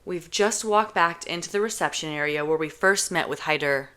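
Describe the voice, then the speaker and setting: A woman reading a novel aloud in a calm, measured first-person narration. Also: deep voice. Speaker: audiobook reader.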